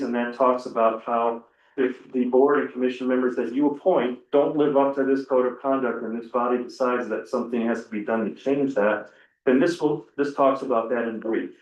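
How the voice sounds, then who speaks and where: A man, the town administrator, explaining a code of conduct to the board in a measured, accommodating way. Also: medium pitch, echoey room, dull audio. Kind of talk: public meeting explanation.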